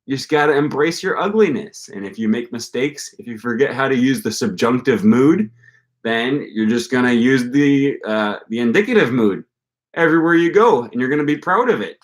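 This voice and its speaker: A man's voice: medium pitch, expressive, normal speed. A young man hosting a casual livestream about language learning, talking in an upbeat, encouraging way and rambling with many fillers. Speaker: language-learning channel host.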